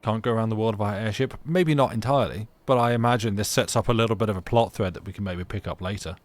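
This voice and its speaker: A man with a fairly low voice reads a story game aloud on a live stream. He drops in casual, chatty asides between the narration and restarts playfully when he stumbles. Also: fast, dry recording. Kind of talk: live let's play, reading game text aloud.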